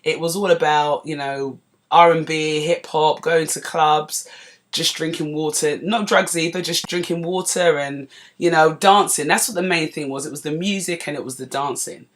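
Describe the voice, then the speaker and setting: A woman in her forties from North London with a London accent, hosting a podcast and telling a story in a lively, chatty way with asides to her listeners. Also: low voice, moderate pace. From North London, England. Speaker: podcast host. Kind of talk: casual storytelling monologue.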